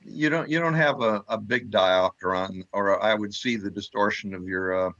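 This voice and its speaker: A man's voice: lowish voice, moderate pace, a bit bright, no room sound. Joking man on a muffled call. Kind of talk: casual group discussion. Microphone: video call. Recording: dull lo-fi video call audio.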